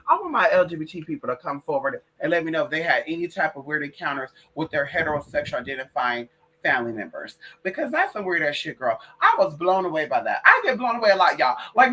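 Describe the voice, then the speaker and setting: A woman's voice: low voice, big pitch swings, fast talker, pushed and bright, slightly rough. A woman hosting a late-night livestream in casual, profane chat, calling her listeners girl and y'all. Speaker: livestream host.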